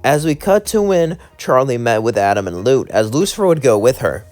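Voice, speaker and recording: A man narrating a what-if fan story in a casual, rambling style, full of fillers and asides. His pitch sits in an everyday middle range. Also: sing-song, a little fast, darkish tone, dry recording, soft background music.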